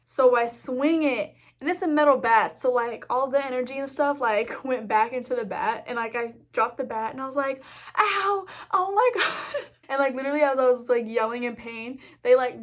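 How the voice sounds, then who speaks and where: A young woman YouTuber telling a story to the camera in a chatty, animated way, full of filler words. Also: a little high, a little fast, few pauses. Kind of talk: storytime vlog.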